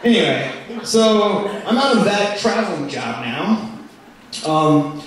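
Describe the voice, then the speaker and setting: High-voiced young comedian in an echoey club. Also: male voice, slow pace, slight background noise. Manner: animated, swings into loud shouting impressions. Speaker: stand-up comedian. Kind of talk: stand-up storytelling. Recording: roomy club sound from a distance with crowd laughter. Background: audience laughing.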